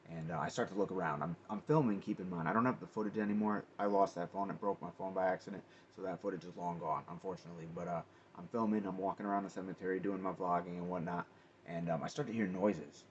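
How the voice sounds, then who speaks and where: A man with a very low voice tells a personal ghost story straight to his viewers, chatty and animated, full of slang and quick restarts. The recording is dull and lo-fi with a faint hiss underneath. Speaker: paranormal vlogger. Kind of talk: casual storytelling to camera. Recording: dull lo-fi audio with faint noise.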